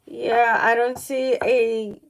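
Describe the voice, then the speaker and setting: A woman reads tarot live for her viewers, her voice a little high and her pace slow. She thinks aloud in halting, restarting phrases, gasping and exclaiming as the cards come up. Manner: halting and excitable, many gasps and "oh my God". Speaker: tarot reader on a livestream. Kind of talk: live-streamed tarot reading, chatting with viewers.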